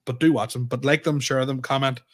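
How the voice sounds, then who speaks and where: A man's voice: medium pitch, fairly even intonation, brisk. A man co-hosting a comedy podcast, telling rambling, sweary anecdotes full of restarts. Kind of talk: casual storytelling chat.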